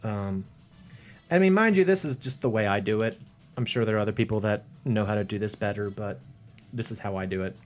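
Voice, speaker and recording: Painting a model live for his viewers, a man with a lowish voice speaks briskly, rambling, thinking out loud and chuckling to himself. There's faint background music.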